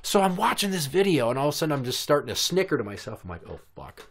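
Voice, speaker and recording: A man's voice: sing-song, fast talker, gravelly. A man in his thirties hosting a podcast, telling stories in casual, profane, sarcastic chat. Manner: profane, sarcastic, mimics kids in a high voice. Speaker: podcast host.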